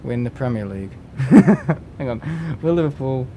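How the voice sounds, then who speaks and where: A man's voice: mid-range voice, animated, a little slow, dark tone, a little hiss or hum. A man from England chatting casually and rambling on a live game stream from home, with lots of restarts and fillers.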